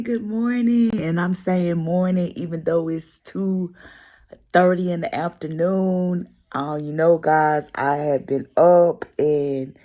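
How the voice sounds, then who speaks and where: Slow gravelly-voiced middle-aged woman vlogging. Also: sits low, warm tone. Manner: heartfelt, talking straight to viewers. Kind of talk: personal video diary. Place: at home.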